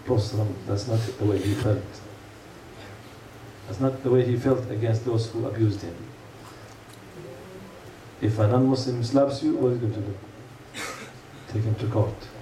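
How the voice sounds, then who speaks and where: A man's voice: fairly low pitch, normal speed, long pauses, warm tone. A man giving an earnest sermon, asking rhetorical questions and telling stories to a congregation. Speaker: preacher. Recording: echoey room, mic far off, faint hum.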